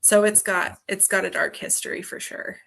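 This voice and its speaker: A young woman from Montana, a guest on a video-call interview, telling ghost stories in a lively way and laughing often. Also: medium pitch, moderate pace, creaky. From Montana, USA. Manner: animated storyteller, laughs often. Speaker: guest, film festival organizer.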